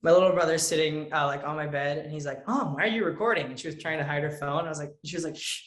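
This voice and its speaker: A teenage boy answering interview questions, earnest and lively, often acting out what others said to him. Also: fairly high pitch, fast, echoey room. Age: teens. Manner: earnest, lively, acts out quotes with a raised voice. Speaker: young actor, interview guest.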